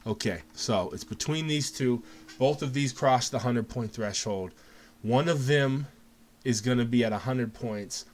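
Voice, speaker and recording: A man hosting a casual live game show, calling results in an excited, jokey way and laughing often. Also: medium pitch, measured pace, slight background noise. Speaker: host.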